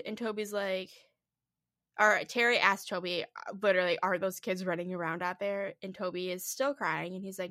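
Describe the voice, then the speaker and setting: Female podcast co-host, mid-pitch, loose and profane, recorded dry and close. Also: fairly even intonation, normal speed, bright, forceful tone, no echo. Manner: loose retelling with many "like"s and swearing. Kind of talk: casual storytelling chat.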